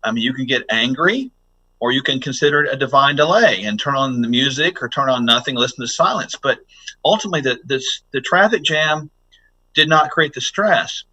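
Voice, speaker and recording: Bright-voiced man coaching health habits. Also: mid-range voice, lively intonation, a little fast, slightly rough, rough recording. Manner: earnest, instructive, coaches listeners through exercises. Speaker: health doctor guest. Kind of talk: podcast interview.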